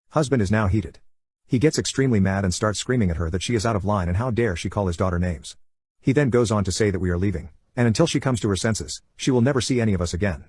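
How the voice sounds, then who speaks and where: Fast-reading low-voiced male narrator. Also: darkish tone, breathy edge, no room sound. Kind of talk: calm scripted narration of internet stories.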